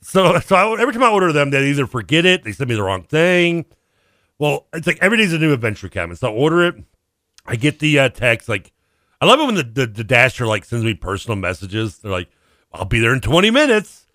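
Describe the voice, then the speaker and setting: A man's voice: medium pitch, sing-song, fast talker, bright, forceful tone, no echo, clean studio sound. A man co-hosting a radio sports talk show, telling a long funny story in casual chat, acting out the voices he quotes and laughing often. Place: radio studio. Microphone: studio microphone.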